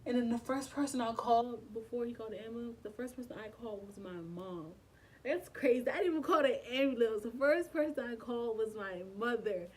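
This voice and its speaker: A woman's voice: a little high, fairly quick, darkish tone, husky, recorded from a distance, poor audio. A young woman, telling a painful personal story in a casual, emotional way, with frequent swearing and slang. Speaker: vlogger. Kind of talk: storytime vlog.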